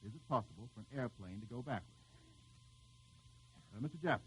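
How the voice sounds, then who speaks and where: A man hosting a live radio quiz show, teasing the panel with quick jokes as he reads out the questions. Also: lowish voice, lively intonation, fairly bright tone, slight background noise, low-quality recording.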